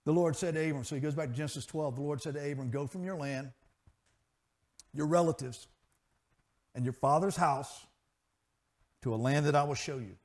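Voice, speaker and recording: A man preaching a sermon, swinging between loud emphatic peaks and quiet asides. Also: fairly high pitch, moderate pace, long pauses. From grew up in a pastor's family.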